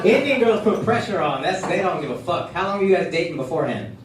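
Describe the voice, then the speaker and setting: A man in his thirties doing stand-up comedy and crowd work, loud and animated, shouting his punchlines in put-on voices. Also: sits high, fast. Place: comedy club stage before a laughing crowd. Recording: roomy live club sound with loud crowd noise.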